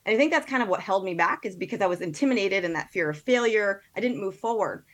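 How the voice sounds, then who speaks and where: A woman, a podcast guest, chatting casually and telling a story with quick asides and quoted thoughts. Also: mid-range voice, expressive. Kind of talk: casual chat.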